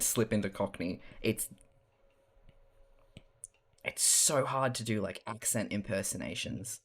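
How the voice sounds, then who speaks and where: Drawing during a live stream, a young adult with a slight Australian accent chats casually, rambling along with frequent laughter and the occasional swear word. The voice is medium in pitch and a bit bright.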